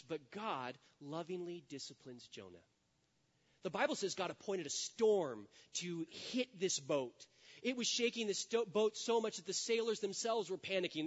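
Middle-aged male pastor, slightly high voice, animated sermon storyteller; dull lo-fi recording. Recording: dull lo-fi sound.

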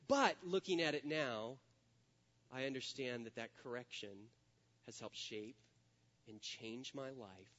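A middle-aged male pastor preaching a sermon, telling stories with lively energy and acting out the voices in them. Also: fairly high pitch. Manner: animated storytelling, acting out quoted voices. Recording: dull lo-fi sound.

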